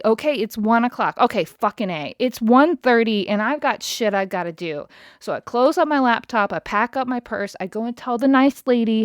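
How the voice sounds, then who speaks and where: A woman's voice: on the high side, no echo, clean studio sound. Foul-mouthed exasperated woman podcaster. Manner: profane, exasperated, talks straight to listeners. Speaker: podcast host. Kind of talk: casual storytelling rant.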